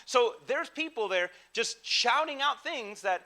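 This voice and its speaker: Bright, high-voiced casual preacher man. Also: unhurried. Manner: casual, slangy, animated, with frequent restarts. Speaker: pastor. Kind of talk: conversational sermon.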